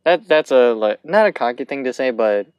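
A young man co-hosting a podcast, chatting in an easygoing, halting way with many restarts. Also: medium pitch, lively intonation, clean tone, dry recording. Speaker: podcast co-host. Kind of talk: casual episode recap chat.

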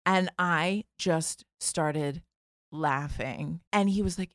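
A woman in her forties tells a comic story in a lively, chatty way, leaning on "like" and acting out each voice. Her voice sits a little low, and it is recorded close and dry with no room sound. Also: slow pace, dry recording. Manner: animated, lots of "like", acts out voices. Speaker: podcast guest telling a story. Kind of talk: casual comedic storytelling.

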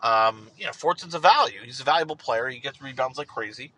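A man's voice: medium pitch, animated, a little fast, bright, forceful tone, low-quality recording. A man hosting a solo sports podcast, talking casually in a rambling, digressive way and asking himself rhetorical questions. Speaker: podcast host.

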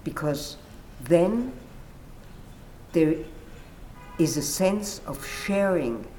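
A woman's voice: deep voice, warm tone, a little hiss or hum, poor audio. A woman explaining a story in a thoughtful conversational way. She searches for words, often says "you know", and acts out quoted lines with animation. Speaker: guest speaker on literature.

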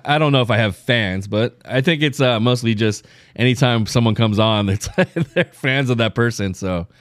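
A man's voice: medium pitch, normal speed, no echo. Laid-back male podcast host, dry sound. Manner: laid-back, enthusiastic fan talk with laughs. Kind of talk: casual interview chat.

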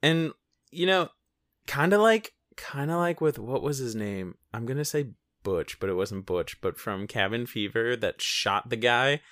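A man's voice: medium pitch, animated, measured pace, a bit bright, dry recording, clean studio sound. A man co-hosting a casual chat about a film, rambling through the plot, swearing freely and laughing often. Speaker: podcast co-host.

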